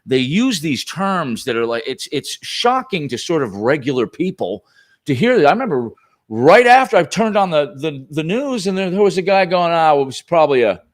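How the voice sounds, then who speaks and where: A man speaking as a guest on a casual chat podcast, animated and heated, often restarting his sentences. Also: fairly high pitch, normal speed.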